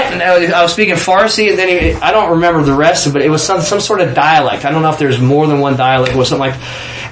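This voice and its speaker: A man's voice: on the high side, fast talker, fairly bright tone, echoey room, slight background noise, rough recording. A man from Kansas telling a personal testimony in a casual storytelling way, acting out the quoted voices with frequent restarts. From Kansas, USA.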